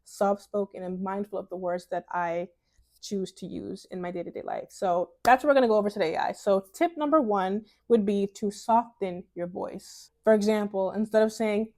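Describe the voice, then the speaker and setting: A woman's voice: medium pitch, moderate pace. Chatty young woman from New York. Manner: chatty and expressive, laughing often. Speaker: lifestyle vlogger. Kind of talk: casual advice vlog.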